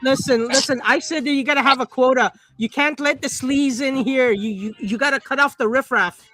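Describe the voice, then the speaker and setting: A woman's voice: sits high, brisk, a bit bright, poor audio. A woman joking in a casual chat, swearing freely and putting on mock Australian slang.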